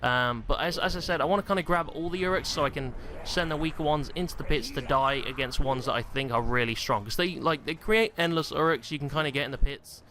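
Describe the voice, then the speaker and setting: A young man talks through his game in a slightly high voice, rambling loosely and leaning on plenty of ums and likes. He sounds out of breath the whole way through, recording in a small stuffy room at home. A faint hiss sits underneath. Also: quick pace, few pauses, sharp tone. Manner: rambling, heavy on fillers like um and like. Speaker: gaming YouTuber. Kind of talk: casual gameplay commentary.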